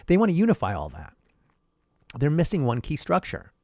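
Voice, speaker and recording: An animated man delivering a rhetorical monologue straight to his viewers, his pitch swinging widely. The sound is dry and close. He throws in an occasional curse word. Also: fairly quick, no echo. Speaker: host. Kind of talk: casual monologue.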